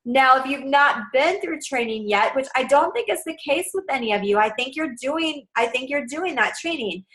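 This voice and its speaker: Bright-voiced woman coaching sales. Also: high-pitched, animated, normal speed, poor audio. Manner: upbeat, direct, instructional. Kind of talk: casual coaching talk.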